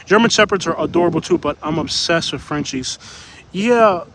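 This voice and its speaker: A man's voice: fairly high pitch, expressive, normal speed. A man hosting a casual livestream outdoors on a beach, rambling and repeating himself as he reads out comments. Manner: rambling, repeats phrases, laughs often. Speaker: livestream host. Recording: outdoor noise, passing vehicles.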